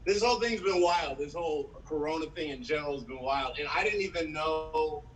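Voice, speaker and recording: A man from San Diego performing an animated stand-up set, swearing freely and acting out quotes. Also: fairly high pitch, fairly quick, distant mic, a little hiss or hum, low-quality recording. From San Diego, USA. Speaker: stand-up comedian. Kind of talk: live-streamed stand-up set.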